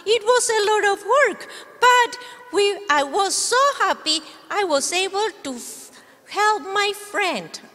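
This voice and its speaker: A woman voicing an excitable, cheerful puppy dog puppet that barks and talks in a high, bouncy, eager voice. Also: slow pace, in a large hall, full character voice. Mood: happy. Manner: eager, exclamatory.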